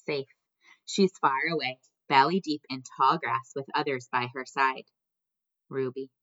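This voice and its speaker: A woman narrating an audiobook in the first person, in a measured, gently expressive way. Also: very deep voice, no room sound, muffled recording. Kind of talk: scripted narration.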